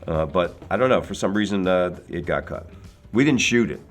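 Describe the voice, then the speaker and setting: A man's voice: low-pitched, animated, normal speed, soft background music. A man in his sixties from Philadelphia, an actor telling casual, rambling anecdotes with many fillers and laughs. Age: 60s. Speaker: actor guest.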